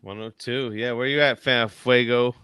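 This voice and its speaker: Bright, crisp-voiced excitable male host. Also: mid-range voice, moderate pace, no room sound. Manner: excitable, swears, laughs, asks the panel questions. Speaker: podcast host. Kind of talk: casual chat.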